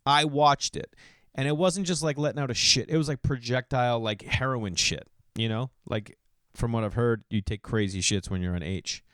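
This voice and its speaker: A man's voice: medium pitch, normal speed, fairly bright tone, clean tone, no echo, studio quality. A middle-aged man hosting a podcast, telling loose, digressive comedic stories in a solo monologue. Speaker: podcast host.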